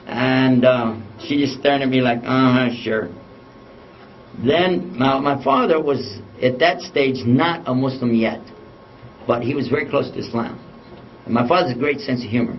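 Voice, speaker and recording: A man giving a lecture as a folksy, animated storyteller who chuckles through his anecdotes. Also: medium pitch. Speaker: Islamic lecturer. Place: lecture hall. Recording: distant, muffled lecture recording.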